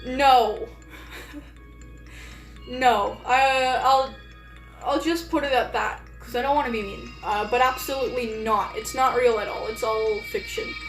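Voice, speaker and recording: Casual woman streamer, a touch high-pitched, rambles on and on, with faint music playing in an echoey room. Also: a little slow. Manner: rambling, many fillers and restarts. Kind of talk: casual live-stream chat.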